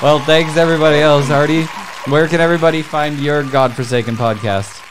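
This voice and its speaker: A man's voice: fairly high pitch, a little fast, noisy background. A young man hosting a casual comedy podcast, swearing and laughing often as he jokes with friends. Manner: crude, laughs often, excitable. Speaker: podcast host.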